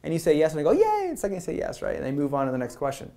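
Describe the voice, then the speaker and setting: A man giving a presentation at a meetup. He talks to the audience in a conversational, energetic way and acts out quoted lines. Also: fairly high pitch, rapid-fire, gravelly. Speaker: product management speaker.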